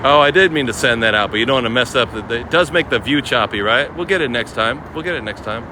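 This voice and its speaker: A man's voice: mid-range voice, expressive, quick pace. A man hosting a casual live-stream walking tour outdoors, chatting to viewers and greeting them by name. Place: outdoors on a city waterfront promenade. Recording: outdoor city noise with traffic.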